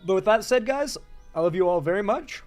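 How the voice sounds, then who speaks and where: This is a man running a casual commentary stream, talking in a relaxed, rambling way and laughing often. His voice sits a little high for a man, and faint music plays quietly underneath. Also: brisk. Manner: laughs often, loose and chatty, reads out viewer donations. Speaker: live-stream commentary host.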